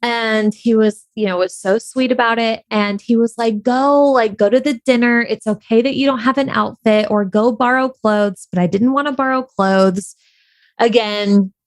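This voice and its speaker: Casual female vlogger, higher voice, chatty and candid, dry close sound. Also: fairly even intonation, moderate pace, dry recording. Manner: chatty and candid, heavy on fillers like "like". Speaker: online creator. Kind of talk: casual personal storytelling.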